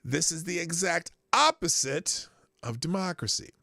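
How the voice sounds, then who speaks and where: A man hosting a live news commentary stream, excitable and sarcastic, often breaking into laughter. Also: a little high, unhurried, vocal fry, dry recording, studio quality. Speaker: host of a live news show.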